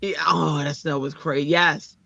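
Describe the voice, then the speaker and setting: A woman's voice: moderate pace, vocal fry, muffled recording, a crowd in the background. A woman, a teacher, telling a personal story in casual chat and acting out the people she quotes. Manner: animated, acts out quoted people with jumps in pitch.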